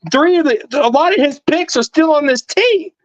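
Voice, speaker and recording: A man with a high voice hosts a sports debate, firm and steady as he pushes back on a guest. The recording is dry and close, with no room sound. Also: moderate pace, no echo, highs cut off.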